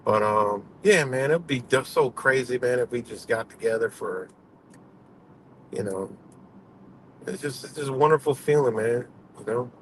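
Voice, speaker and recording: A man's voice: medium pitch, moderate pace, pauses often. A man live streaming while driving, telling a story in a rambling, profane way and laughing often. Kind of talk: casual storytelling. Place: in a moving vehicle on a highway. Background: faint road and vehicle noise.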